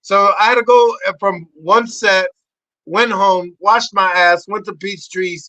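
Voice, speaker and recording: Male podcast guest, forties, excitable raconteur, slightly high and bright. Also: a little slow, no echo, poor audio. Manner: excitable, swearing, acts out voices in high shouts. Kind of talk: animated storytelling.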